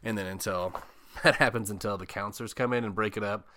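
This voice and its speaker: A man's voice: lowish voice, steady tone, fairly quick, bright, forceful tone. A man giving a casual, joking recap of a movie, swearing freely and acting out the characters' lines. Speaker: podcast host.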